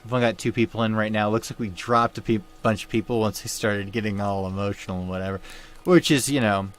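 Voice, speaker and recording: A young man hosting a livestream, talking in a halting, subdued way with many fillers and restarts, grieving and somber. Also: lowish voice, fairly even intonation. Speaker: livestream host. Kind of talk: casual livestream chat.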